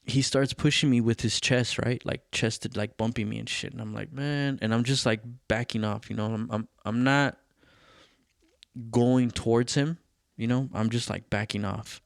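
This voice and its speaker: A man's voice: medium pitch, moderate pace, vocal fry, dry recording, studio quality. A man hosting a podcast, telling a personal story in casual, profane chat and acting out what people said. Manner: profane, animated, acts out quoted voices. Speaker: podcast host.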